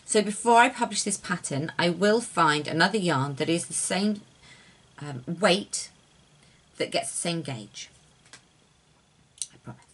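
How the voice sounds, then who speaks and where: A young woman in a casual knitting vlog, talking at home in a rambling, soft-spoken way that often sinks to near-whispers. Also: fairly low pitch, expressive, measured pace, long pauses, breathy edge. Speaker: knitting designer and yarn dyer. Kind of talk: casual chatty craft vlog.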